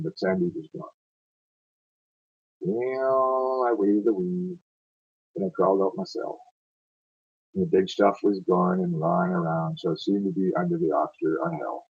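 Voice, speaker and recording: A man's voice: lowish voice, a little mellow, slightly rough, lo-fi sound. A man reading narrative verse aloud and chatting afterward, in a loose, stumbling way, often correcting himself. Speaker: amateur poetry reader.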